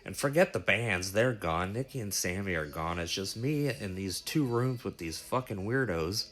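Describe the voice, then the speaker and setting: A man with a lowish voice recounts a bizarre dream in loose, casual storytelling. He stumbles and restarts, swears freely and keeps an animated, breathless drive. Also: normal speed. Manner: animated, profane, breathless retelling.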